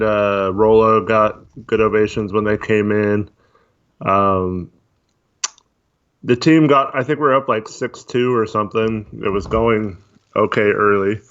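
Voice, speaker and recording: A man chatting casually on a livestream, talking in a monotone with many fillers while reading chat. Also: on the low side, clear, resonant tone. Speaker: podcast co-host. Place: voice only on a live stream. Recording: dull lo-fi stream audio.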